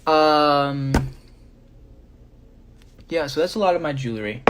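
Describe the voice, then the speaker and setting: A man's voice: mid-range voice, normal speed, pauses often, noisy background. A young man chatting casually on a live stream, rambling with many fillers as he shows his jewelry. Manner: rambling, filler-heavy, relaxed.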